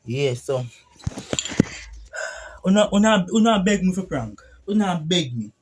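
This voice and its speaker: A young man with a Jamaican accent, talking slowly and loosely to his viewers in patois. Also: sits high, very animated. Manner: slow, laid-back patois talk. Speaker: vlogger. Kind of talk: casual vlog chat. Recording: music playing in the background.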